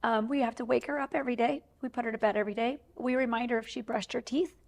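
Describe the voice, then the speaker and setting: A woman's voice: fairly high pitch, fairly even intonation, fast, vocal fry. A woman speaking as a talk show guest, telling a family story in a rambling, heartfelt way with many fillers. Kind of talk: candid interview talk.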